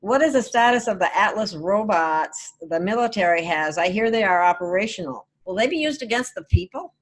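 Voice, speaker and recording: A woman's voice: mid-range voice, lively intonation, fairly quick, poor audio. A woman hosting a casual podcast who reads out listener questions and laughs easily. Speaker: podcast host.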